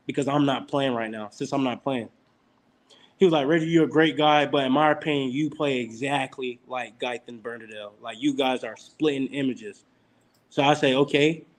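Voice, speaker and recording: A mid-range male voice at normal speed comes from a young adult who plays college football. Sitting for a casual podcast interview, he tells stories and animatedly performs the quotes.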